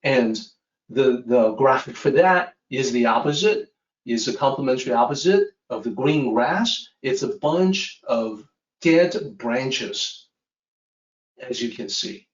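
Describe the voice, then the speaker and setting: A man teaching Taoist philosophy, explaining a text step by step in a measured lecture and stressing key words. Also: mid-range voice, animated. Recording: roomy, distant, slightly dull sound.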